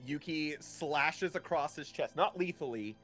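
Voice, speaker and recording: A man's voice: a little high, expressive, unhurried, fairly bright tone, soft background music. A young man casually describing his character's actions in a tabletop game, with lots of hesitations. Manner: casual, hesitant, many fillers. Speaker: player.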